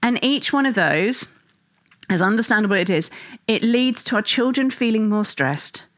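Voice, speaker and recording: A mother speaking to listeners about parenting stress in a gentle, reassuring, conversational way. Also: medium pitch, expressive, normal speed, dry recording. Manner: gentle and reassuring, acts out stressed inner thoughts. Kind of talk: reflective talk to listeners.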